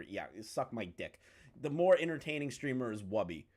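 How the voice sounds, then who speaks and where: A man's voice: on the low side, big pitch swings, a little fast. Crude ranting male commentator. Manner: crude, mocking, heated ranting. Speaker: commentary YouTuber. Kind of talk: profane reaction commentary.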